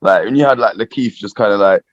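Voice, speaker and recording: A man co-hosting a podcast, chatting in a relaxed, easygoing way. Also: on the low side, fast talker, no echo. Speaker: podcast co-host. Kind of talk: casual chat. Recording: dry, dull lo-fi podcast audio.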